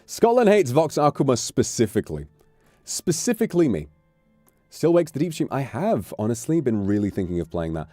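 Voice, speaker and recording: A man's voice: mid-range voice, fairly quick, hardly any pauses, no room sound, faint music behind. A man with an English accent, chatting casually and jokingly on his stream. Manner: rambling, joking, animated. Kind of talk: casual chat.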